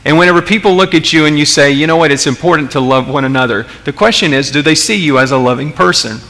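A man preaching a sermon in a bright, gravelly voice a little higher than most men's. He talks conversationally, piling up rhetorical questions and restarting his sentences. The sound carries a long reverb from a big hall. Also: fast talker. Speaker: pastor.

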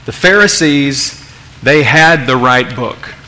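A man's voice: mid-range voice, slow pace, pushed and bright. A man preaching a sermon as pastor, emphatic, asking the congregation rhetorical questions and often repeating words as he restarts.

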